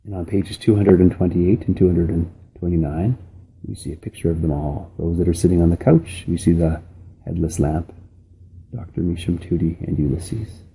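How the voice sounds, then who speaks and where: Gravelly man reading a children's novel. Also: low-pitched. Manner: steady, unhurried storybook reading. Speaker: reader.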